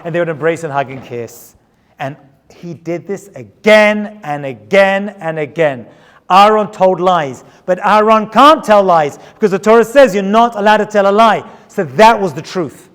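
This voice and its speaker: High-voiced rabbi in a reverberant hall. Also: male voice, normal speed. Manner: animated, rhetorical, keeps asking "right?". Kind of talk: sermon-style lecture with storytelling.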